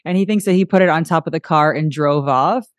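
A middle-aged woman hosting an interview, chatty and warm, who acts out family moments with lively impressions. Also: sits low, fairly quick, dry recording, clean studio sound. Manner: warm, chatty, animated impressions of her husband. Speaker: podcast host. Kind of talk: casual conversational interview.

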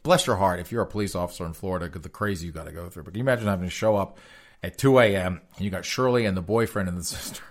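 A man hosting a podcast, reading odd crime stories aloud and mocking them in a folksy, sarcastic way, laughing often. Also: lowish voice. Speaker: podcast host. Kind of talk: comedic news commentary.

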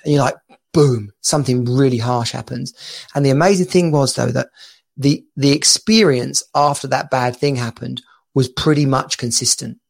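Gravelly-voiced man chatting. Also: medium pitch, moderate pace. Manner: chatty, many restarts, laughs often. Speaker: podcast co-host and dad coach. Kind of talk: casual chat.

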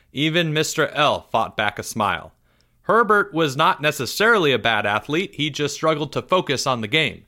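A man narrates a children's story aloud with expressive delivery. He lowers his voice for suspense. His tone is bright and forward. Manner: expressive, drops softer for suspense.

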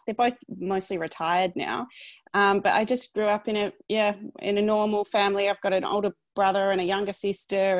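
A woman's voice: on the low side, dry recording. A woman in her thirties from Tasmania with an Australian accent, a guest on a podcast who speaks thoughtfully over a remote online recording. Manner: reflective, thoughtful storytelling. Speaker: guest, lawyer. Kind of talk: casual podcast interview.

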